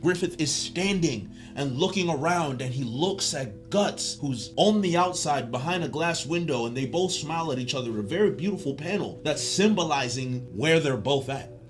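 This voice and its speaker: Animated man in a higher voice, casual video-essay host, faint music behind. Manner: animated, joking, slangy.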